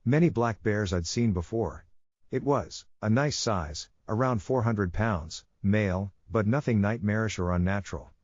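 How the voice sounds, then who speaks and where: A man's voice: lowish voice, dry recording. A man narrating a first-person horror story in a tense, gripping way. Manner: tense first-person retelling with shouted quotes. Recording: dry dull lo-fi audio.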